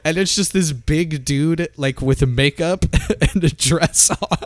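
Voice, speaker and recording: A man's voice: fairly high pitch, slow pace, no echo, clean studio sound. A man chatting casually about video games, swearing freely and laughing often. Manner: profane, ranting, laughs often. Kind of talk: casual gaming chat.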